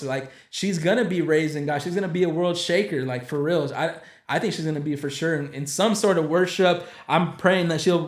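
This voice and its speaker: A young man with a fairly high voice hosts a church podcast, rambling and preachy as he chats. His voice rings around an echoey room. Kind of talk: casual chat.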